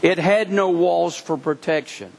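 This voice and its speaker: A man preaching a sermon, telling a scripture story in an animated way and often repeating words as he restarts. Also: a little high, unhurried, gravelly. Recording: long reverb from a hall.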